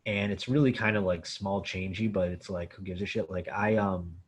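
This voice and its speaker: A comedian from Buffalo, New York, guesting at a Q&A, who tells a story in a casual, animated way, swearing often and saying "like" a lot. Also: male voice, deep voice, moderate pace, breathy edge.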